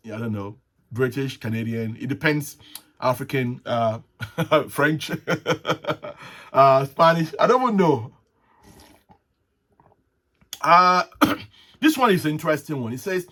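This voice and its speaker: A man hosting a casual solo talk show, rambling and halting, with frequent restarts and soft chuckles. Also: medium pitch, expressive. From Nigeria. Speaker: host. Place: at home, with tea.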